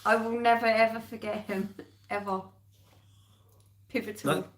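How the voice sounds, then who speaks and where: A woman co-hosting a live beer stream, chatting casually and quick to laugh and tease. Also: on the high side, level tone. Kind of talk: casual chat.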